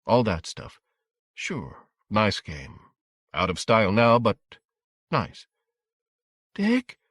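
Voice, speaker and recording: A man reading a horror audiobook in a measured, dramatic storytelling manner. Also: fairly low pitch, expressive, a bit bright, no echo, clean studio sound. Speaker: audiobook narrator. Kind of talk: scripted audiobook narration.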